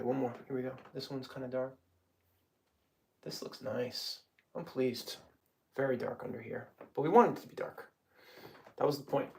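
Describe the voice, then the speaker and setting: A man's voice: medium pitch, gravelly, a little hiss or hum. A man casually talking to his live-stream viewers while painting, rambling to himself and getting heated when he rants. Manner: rambling, talks to himself and chat while working; gets heated and louder when ranting.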